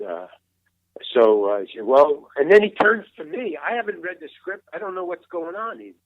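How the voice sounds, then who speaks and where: A man's voice: a little high, expressive, fairly quick, dry recording. Older male guest, storyteller, restarts often, voices the other people in his tales; thin phone-quality audio. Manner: rambling, restarts, acts out quoted dialogue. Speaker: interview guest, veteran actor. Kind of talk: casual anecdote telling. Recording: tinny phone-like line, dry.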